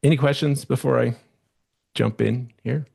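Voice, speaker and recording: A man's voice: mid-range voice, fairly even intonation, normal speed, gravelly, darkish tone, husky. A middle-aged man who is a real estate agent, teaching a webinar in a casual, rambling way with many restarts and fillers.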